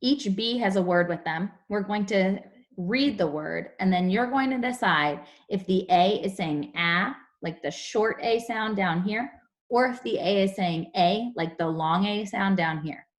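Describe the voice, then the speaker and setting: A young woman teaching a phonics lesson to young children over a video call, explaining slowly and clearly. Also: mid-range voice. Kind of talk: online class phonics lesson.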